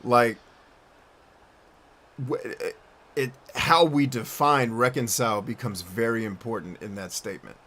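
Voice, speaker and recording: A man's voice: medium pitch, measured pace, long pauses, sharp tone. A man streaming a game and answering his chat in a blunt, profane, rambling way, often restarting his sentences. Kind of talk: casual chat while gaming.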